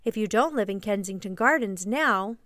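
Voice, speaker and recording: A woman voicing a polite, excitable, well-bred young girl in a storybook reading. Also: medium pitch, normal speed, dry recording, studio quality, close to an everyday voice. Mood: excited.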